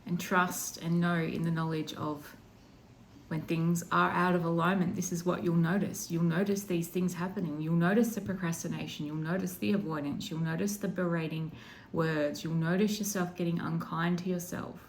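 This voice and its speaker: A woman voicing an archangel spirit she channels, speaking in a soft, slow, reassuring way. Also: on the low side, level tone, slight background noise, natural voice. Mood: gently reassuring. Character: gentle guiding archangel spirit, calm and reassuring.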